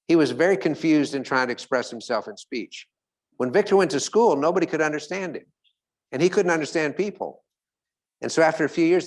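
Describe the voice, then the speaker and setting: Speaking as a motivational speaker, a man with a mid-range voice tells stories to a live audience, poses questions to it, and slows down on key points.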